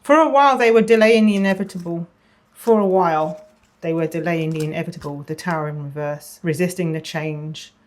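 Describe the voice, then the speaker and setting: A woman giving a casual tarot reading, chatty, often repeating phrases and dropping into a soft murmur. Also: on the low side, a little fast. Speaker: tarot reader.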